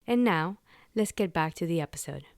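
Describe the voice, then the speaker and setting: A woman's voice: fairly low pitch, moderate pace, vocal fry, no room sound. A woman hosting her own podcast, talking unscripted and candidly, telling stories animatedly and acting out bits of dialogue. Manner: candid, animated storytelling with laughs and quoted dialogue. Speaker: podcast host. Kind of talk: unscripted personal podcast monologue.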